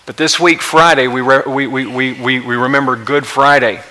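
A man preaching a sermon as pastor, impassioned, building to emphatic peaks and then dropping quiet. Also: mid-range voice, fairly even intonation, normal speed, rough recording.

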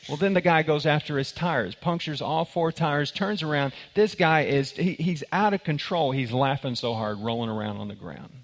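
A man's voice: on the high side, normal speed, hardly any pauses. Emphatic preacher man in a reverberant hall. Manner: emphatic, repeats words and restarts. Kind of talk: sermon with a told joke.

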